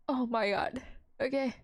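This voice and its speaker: A woman's voice: high-pitched, no echo. A young woman streamer reacting emotionally to a game, gushing and slangy. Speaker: gaming streamer.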